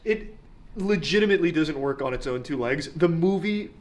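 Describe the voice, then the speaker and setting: Sarcastic man with a higher voice. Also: expressive, moderate pace. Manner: sarcastic, laughing storyteller. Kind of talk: casual chat.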